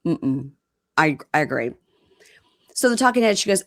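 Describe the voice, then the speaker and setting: Lower-voiced woman, animated recapping. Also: moderate pace, long pauses, no echo, clean studio sound. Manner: animated retelling, acting out quotes. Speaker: podcast co-host recapping reality TV. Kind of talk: casual chat.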